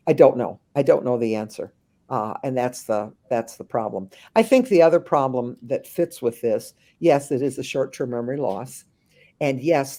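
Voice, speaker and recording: A woman working as a memory care consultant, answering interview questions with lively acted-out anecdotes and frequent restarts. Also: extremely low pitch. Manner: animated storyteller, slips into voices of the people she describes; frequent restarts and thinking aloud.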